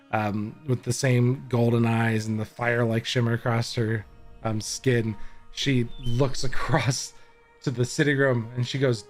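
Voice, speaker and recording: A man running a tabletop game as game master, talking in a relaxed way with many fillers. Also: mid-range voice. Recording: faint music behind.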